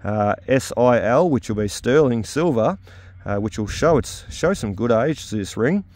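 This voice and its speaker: Outdoors at an old house site, a middle-aged Australian man vlogs about metal detecting in a casual, upbeat, chatty way, dropping lots of "uh"s. His voice is lowish and a little mellow, recorded with no room sound.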